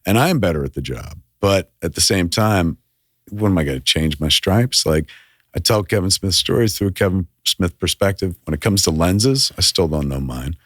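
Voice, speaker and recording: Man, very low voice, animated storyteller, dry studio sound. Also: normal speed, no room sound. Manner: animated storyteller, swears often, acts out quotes. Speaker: filmmaker guest. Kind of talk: casual podcast chat.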